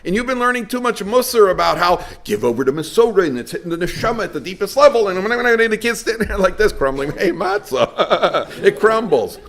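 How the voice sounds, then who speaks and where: A man's voice: high voice, fast talker, hardly any pauses. A man speaking as a rabbi, giving a lecture to a live audience, telling stories with humor and acting out the voices he quotes. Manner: storytelling, animated, acts out quoted voices; warm, joking with listeners. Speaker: rabbi giving a parenting talk.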